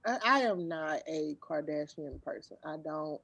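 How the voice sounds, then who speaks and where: A woman co-hosting a casual chat podcast, blunt and quick to tease. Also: low-pitched, expressive, gravelly, fairly bright tone, dry recording. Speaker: podcast co-host.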